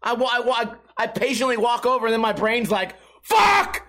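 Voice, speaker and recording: Animated, high-voiced young man telling a story. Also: brisk. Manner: animated, swearing, restarts, bursts into yelps. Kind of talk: casual storytelling.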